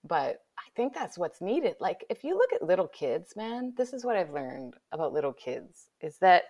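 Gravelly low-voiced woman telling a story. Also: moderate pace. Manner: animated, drops to whispers for inner thoughts. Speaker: guest author. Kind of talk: personal storytelling in conversation.

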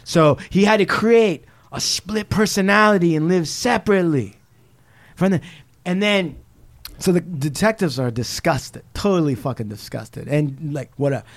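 A man co-hosting a podcast, casually retelling a true-crime story, animated and swearing freely as he acts out quotes. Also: on the high side, normal speed. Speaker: podcast co-host.

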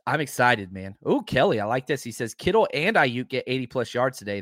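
A man hosting a sports talk show, talking casually and excitedly, stressing his points by repeating them. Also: medium pitch, brisk, no echo, studio quality. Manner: excitable, emphatic, keeps repeating himself.

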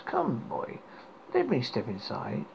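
A man voicing a menacing witch who pleads and threatens, in a gravelly voice. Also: mid-range voice, wildly swooping pitch, slow, darkish tone, full character voice. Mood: hissing. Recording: dull lo-fi recording with faint hiss.

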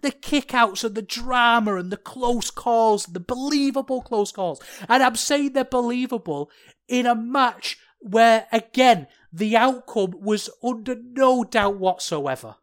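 A podcast co-host reviewing a wrestling match in casual chat, ranting with passion and then turning soft and sheepish. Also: medium pitch, a little slow.

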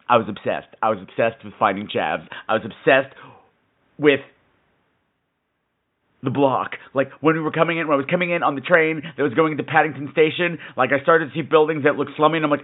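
A man hosting a casual storytelling podcast, animated and campy, gasping for effect. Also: on the high side, fast talker, slightly rough, narrow, tinny audio. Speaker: podcast host.

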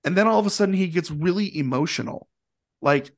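A man telling a long story in a casual, animated way, with plenty of fillers and acted-out quotes. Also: high-pitched, brisk. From Indianapolis area, USA. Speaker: guest musician.

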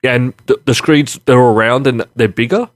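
A man's voice: medium pitch, normal speed. A man co-hosting a podcast in casual chat, hesitant and thinking aloud as he talks. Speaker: podcast co-host.

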